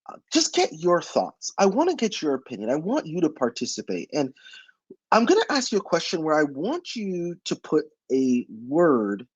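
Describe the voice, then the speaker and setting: A man presents to an online audience in a slightly husky voice, pressing his points with emphasis. He keeps turning to rhetorical questions. His voice sounds close and dry, with no room around it. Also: a little high, no room sound, low-quality recording. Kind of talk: motivational webinar talk.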